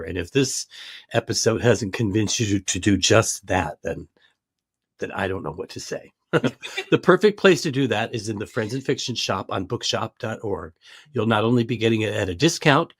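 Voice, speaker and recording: A man co-hosting a book podcast, reading promotional notes for listeners in a relaxed, friendly way. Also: lowish voice, husky, no echo, studio quality. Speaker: podcast co-host. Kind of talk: reading sponsor-style promos.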